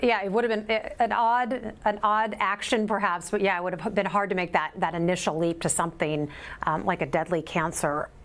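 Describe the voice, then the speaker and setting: A woman hosting a medical show, asking gentle, halting questions. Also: mid-range voice, steady tone. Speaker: host.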